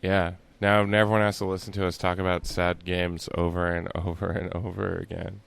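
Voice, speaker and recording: A man's voice: sits low, normal speed, gravelly, clean tone, dry recording. A man co-hosting a casual sports podcast, telling rambling stories with lots of fillers while on vacation and speaking from a hotel room. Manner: relaxed, rambling storytelling with frequent fillers. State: on vacation, upbeat. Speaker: podcast co-host.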